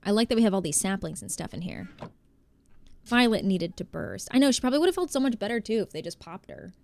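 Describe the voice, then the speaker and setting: A woman's voice: mid-range voice, expressive, quick pace, creaky, a little mellow. A woman from New Jersey with a New Jersey accent, chatting casually with viewers while she plays a game on a live stream. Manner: chatty, reads chat aloud and greets viewers.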